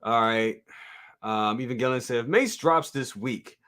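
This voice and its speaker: A man's voice: medium pitch, unhurried, a bit bright. A man hosting a live toy review stream, chatting casually and reading viewer comments aloud. He talks straight to his viewers, repeats himself often and laughs easily. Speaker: toy review show host.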